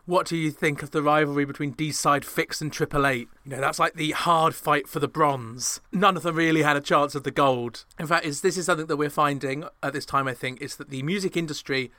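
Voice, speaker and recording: A man's voice: a little high, fairly even intonation, a little fast, hardly any pauses, sharp tone, no echo. A man hosting a pop music podcast, giving chatty scripted commentary with wry, sarcastic asides. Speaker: podcast host.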